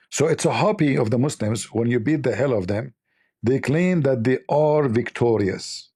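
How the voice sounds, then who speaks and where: A man's voice: fairly high pitch, animated, moderate pace, mellow, breathy edge. A man hosting a livestream, talking in a sarcastic, mocking and rambling way. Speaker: livestream host. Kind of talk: casual livestream commentary.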